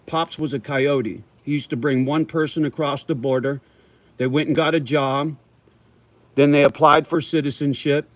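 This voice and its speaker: A man's voice: a little high, fairly even intonation, normal speed, no echo. Profane, slangy man on a dry mic. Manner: profane, slangy, calls viewers homie and brother; chews tobacco while talking. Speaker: livestream host. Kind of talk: casual livestream chat, answering viewer comments.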